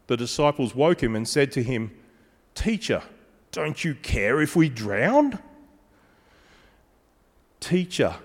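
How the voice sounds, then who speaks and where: A man preaching a sermon, measured and emphatic, slowing down on key phrases and adding dry asides. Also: medium pitch. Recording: long reverb of a large hall.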